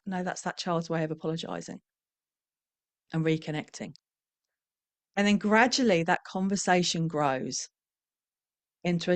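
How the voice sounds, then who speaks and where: A woman's voice: lowish voice, normal speed, pauses often, dry recording. A middle-aged woman who trains professionals in parenting, speaking in a candid, reflective, conversational way and slipping into the voices of the parents and children she quotes.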